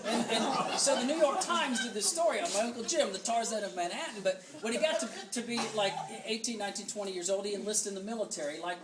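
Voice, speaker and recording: A man's voice: high voice, fast, few pauses, a loud crowd. Folksy joking man in a roomy banquet hall. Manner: folksy, joking, self-deprecating. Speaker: keynote speaker. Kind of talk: humorous keynote storytelling. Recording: roomy hall, far from mic, audible audience. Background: audience laughter.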